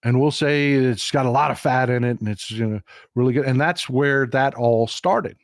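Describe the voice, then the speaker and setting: Casual chat from a middle-aged Texan hosting a live stream, where he tells folksy stories in an emphatic, talkative way. His mid-range voice moves at a moderate pace, recorded dry with clean studio sound.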